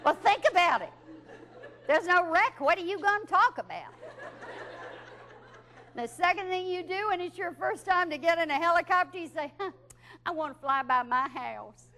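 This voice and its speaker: Woman, comic storyteller, high voice, chatty and laughing. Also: moderate pace, pauses often. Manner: lively, chatty, laughing through her story. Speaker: speaker telling a story.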